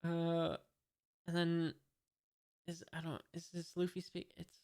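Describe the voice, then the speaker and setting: Slowly and in a monotone, a US man with a higher, slightly mellow voice reads a comic aloud for the first time on his channel. He goes panel by panel with hesitant, wry remarks along the way.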